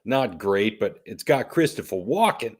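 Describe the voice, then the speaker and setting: Unhurried and sing-song, this low, breathy-edged voice belongs to a Canadian man co-hosting a laid-back podcast, where he wanders through stories in relaxed conversation.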